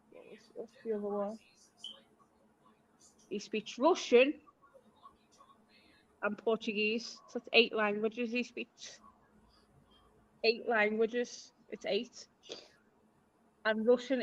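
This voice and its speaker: A woman's voice: a little high, a bit bright. A woman from Liverpool with a Liverpool accent, telling stories in casual chat on a live stream. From Liverpool, England. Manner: chatty storyteller, acts out quoted lines. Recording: dull lo-fi live stream audio.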